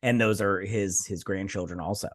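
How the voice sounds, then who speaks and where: A man's voice: low voice, steady tone, normal speed, dry recording, studio quality. Rambling man recapping a TV episode. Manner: rambling, many restarts and "he's like" paraphrases; loose and profane. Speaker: host.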